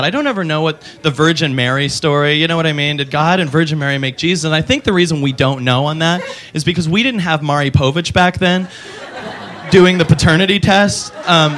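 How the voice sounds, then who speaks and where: A man doing an animated stand-up routine, putting on silly voices for his characters. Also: on the high side. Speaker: stand-up comedian.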